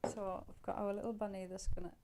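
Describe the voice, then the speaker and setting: A woman's voice: mid-range voice, little pitch movement, fast talker, dark tone. A woman with a Welsh accent chats through a craft demo step by step. Her delivery is friendly and conversational, with a faint noise floor under the voice. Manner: chatty, explains each step as she works. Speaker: craft demonstrator. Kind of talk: live craft shopping demonstration.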